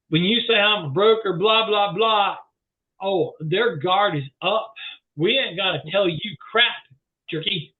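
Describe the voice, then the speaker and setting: A man training salespeople, talking in a folksy, animated way and acting out both sides of a phone call as he coaches. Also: high voice. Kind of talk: coaching with role-play demonstration. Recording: tinny phone-like video call audio.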